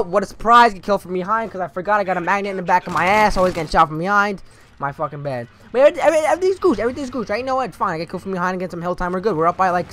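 A young man giving casual, sarcastic commentary over his own gameplay, swearing freely and breaking into animated outbursts. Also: high voice, slight background noise. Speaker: gaming commentator.

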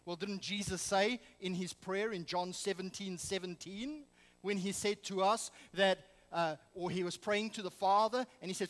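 A man's voice: high voice, steady tone, normal speed, a bit bright, in a large hall, low-quality recording. A man preaching a sermon as pastor, emphatic and full of rhetorical questions. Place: church sanctuary.

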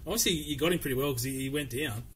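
Bright-voiced podcast host. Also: male voice, medium pitch, rapid-fire, a little hiss or hum, low-quality recording. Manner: chatty, matey, rambling questions. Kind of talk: casual podcast interview.

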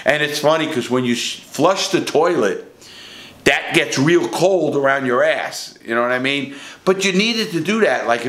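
A man's voice: fairly high pitch, fairly bright tone. A middle-aged man bluntly recounting his time in prison in a casual, profane, rambling way, full of restarts. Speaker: ex-prisoner storyteller. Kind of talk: casual first-person storytelling. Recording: echoey room.

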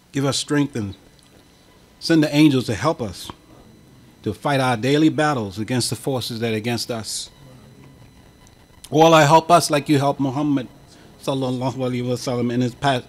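A man's voice: mid-range voice, fairly bright tone. A man preaching a sermon as imam, with an impassioned cadence that swells and drops. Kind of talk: Friday sermon.

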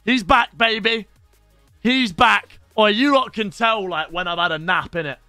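Excitable young lad streaming. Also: male voice, high-pitched, measured pace, dry recording, soft background music. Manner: excitable banter with chat, swearing. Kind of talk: casual live-stream pack-opening commentary. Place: home streaming setup.

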